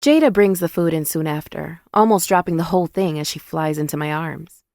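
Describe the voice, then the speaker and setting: A woman's voice: low-pitched, a little fast, a little mellow, dry recording, clean studio sound. A woman narrating a first-person romance story in an intimate, confiding way.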